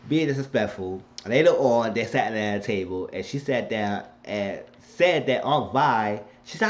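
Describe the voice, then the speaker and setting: A man's voice: medium pitch, normal speed, few pauses. A man casually recapping a TV episode, rambling and colloquial as he retells the scenes. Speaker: TV show recapper. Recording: dull lo-fi recording.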